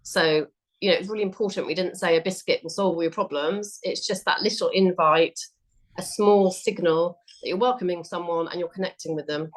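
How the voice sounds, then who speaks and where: Woman guest chatting about her research, kinda low voice, lots of ums and fixing what she just said. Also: steady tone, brisk. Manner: chatty, with frequent ums and self-corrections. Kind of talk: conversational interview.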